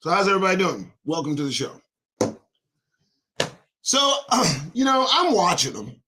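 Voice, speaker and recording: A middle-aged man hosting his own show, ranting in a rhyming monologue with sudden shouts and swearing. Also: high-pitched, big pitch swings, moderate pace. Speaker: host of a daily online show.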